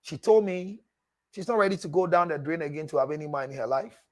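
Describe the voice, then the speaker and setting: On a live show, a relationship counselor reads viewer messages aloud and responds with emphatic, preachy answers. His voice sits on the high side, expressive and fast, and he repeats phrases for stress while calling listeners "my dear."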